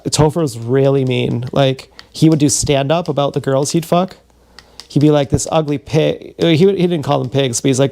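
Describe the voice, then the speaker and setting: A man livestreams a long, wandering personal story. His voice is mellow and low in brightness, with a steady gravelly fry. He swears freely and keeps backing up to restart his sentences. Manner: meandering, profane, frequent restarts. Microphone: streaming from a body camera.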